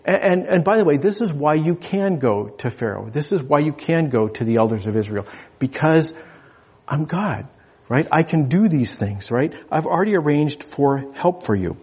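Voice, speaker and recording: A man preaching a sermon in a relaxed, conversational way, often restarting phrases and chuckling as he goes. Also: a little high, normal speed, husky.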